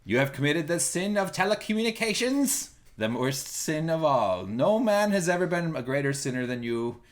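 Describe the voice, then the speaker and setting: A man playing a pompous mock pope who hears a confession, loud and commanding. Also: a little high, big pitch swings, normal speed, pitched above the performer's own voice.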